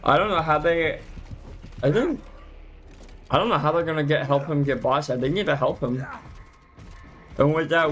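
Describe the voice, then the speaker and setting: Higher-voiced male esports caster. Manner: chatty, self-correcting, quick exclamations. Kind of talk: live play-by-play game commentary.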